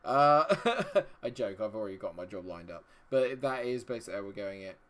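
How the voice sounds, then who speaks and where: A man's voice: fairly low pitch, big pitch swings, normal speed, a bit bright. A man live-streaming a game, chatting with his viewers and muttering to himself while he checks settings. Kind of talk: live-stream commentary talking to chat.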